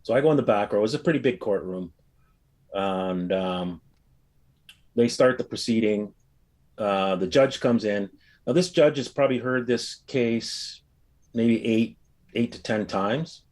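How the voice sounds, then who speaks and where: A man casually recounting a personal experience, telling it as a rambling, animated story with frequent fillers. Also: fairly low pitch, a little slow, pauses often. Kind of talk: casual anecdote.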